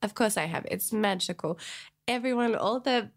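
An Australian woman co-hosting a studio podcast in casual, animated chat, laughing often and swearing freely. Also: medium pitch, moderate pace. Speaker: podcast co-host.

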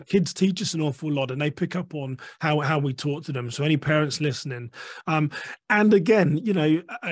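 A man being interviewed as an author, explaining calmly and acting out short example phrases along the way. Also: fairly high pitch, no room sound, clean studio sound. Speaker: author and guest.

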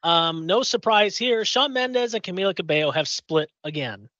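A man's voice: sits high, animated, normal speed, pushed and bright, dry recording. Podcast co-host, male, from Indiana, rambling casual storyteller, dry dull lo-fi sound. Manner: rambling storyteller, lots of fillers and restarts. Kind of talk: casual chat.

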